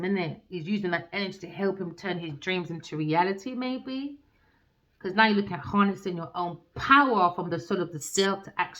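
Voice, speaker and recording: A woman's voice: on the low side, fairly bright tone. A woman giving a casual tarot reading in a blunt, profane, ranting way. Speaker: tarot reader. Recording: dull lo-fi recording.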